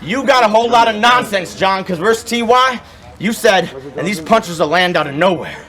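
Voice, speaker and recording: A man's voice: sits high, expressive, moderate pace. A man battle rapping live, taunting his opponent and repeating lines for the crowd. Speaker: battle rapper. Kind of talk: live battle rap performance. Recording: live event with loud crowd.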